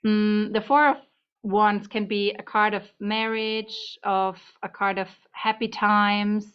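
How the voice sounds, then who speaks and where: A woman with a steady, medium-pitched, clean-toned voice speaks at a slow pace while giving a casual tarot reading to camera in a home room. She's chatty and meandering, slightly out of breath, and turns to her cat between points. The recording is dull and lo-fi.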